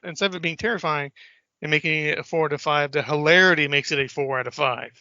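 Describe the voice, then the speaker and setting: A man co-hosting a podcast in casual chat, animated and acting out film lines. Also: fast talker, no echo. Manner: animated, acts out movie lines in a high voice. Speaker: podcast co-host. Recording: dull lo-fi podcast audio.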